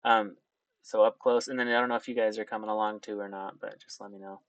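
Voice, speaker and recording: A man narrating a tabletop role-playing game as game master, hesitant and filling pauses with ums. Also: lowish voice, fairly even intonation, dry recording. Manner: hesitant, lots of ums and restarts.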